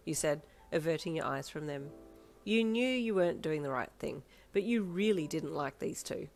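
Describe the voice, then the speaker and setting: Woman, story narrator, second-person fanfiction, lower voice, lively pitch, soft music behind. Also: normal speed, gravelly. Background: soft background music.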